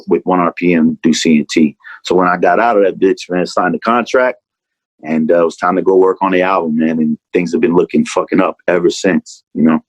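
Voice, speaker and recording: A man talks through a candid interview in a lowish voice. He rambles, swears easily, and keeps tossing in "man" and "you know." The recording is dry, with almost no room around it. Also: dry recording, poor audio. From Atlanta, USA. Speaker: rapper, interview guest.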